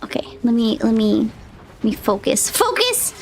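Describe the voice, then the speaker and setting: A woman's voice: a little high, a little hiss or hum. A young woman streaming a game live, shrieking, laughing and pleading as she plays. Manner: excitable, shrieking and laughing under pressure; swears and pleads rapidly. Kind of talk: live gaming stream commentary.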